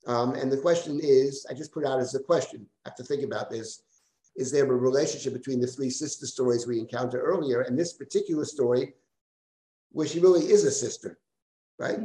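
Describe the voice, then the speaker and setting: A man's voice: medium pitch, quick pace, warm tone. A man teaching a live Bible class as a rabbi, thinking aloud and often checking in with "right?". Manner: thoughtful, frequent "right?" and restarts. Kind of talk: live class lecture with questions. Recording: roomy echo.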